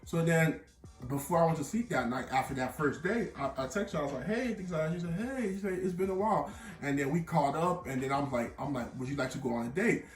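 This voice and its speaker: A young man telling an animated storytime tale full of slang, with bursts of laughter. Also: fairly high pitch, quick pace, far from the mic, soft background music. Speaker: vlogger. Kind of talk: storytime vlog. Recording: echoey room, off-mic.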